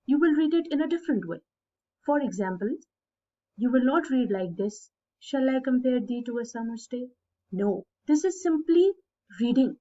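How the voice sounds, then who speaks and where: A woman's voice: high voice, expressive, moderate pace, dark tone, muffled recording. A woman teaching English literature to students in a recorded lecture, addressing them directly and stressing syllables aloud. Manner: addresses students directly, repeats key points.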